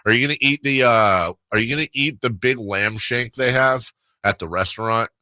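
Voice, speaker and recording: A man's voice: mid-range voice, normal speed, no echo. A man hosting a sports radio show, telling stories in casual banter and laughing often. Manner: animated storyteller, laughs often. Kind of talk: casual chat. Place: radio studio.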